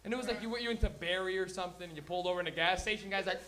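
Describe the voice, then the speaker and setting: High, bright-voiced crude stand-up comic. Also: male voice, very fast, a little hiss or hum. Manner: crude, rambling, acts out characters. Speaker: stand-up comedian and show host. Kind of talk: live stand-up comedy. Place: comedy venue before a live audience.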